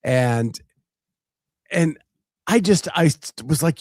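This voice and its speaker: A man's voice: a little high, expressive, takes it slowly, pauses often, darkish tone, no echo. Chatty man host on a dry mic. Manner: chatty and storytelling, many fillers and restarts. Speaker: podcast host. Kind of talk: casual chat.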